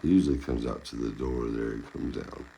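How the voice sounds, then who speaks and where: A man's voice: extremely low pitch, fairly quick, creaky, dark tone, slight background noise. A man hosting a casual vlog, talking playfully and coaxingly to his pet monkey. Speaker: pet owner and channel host.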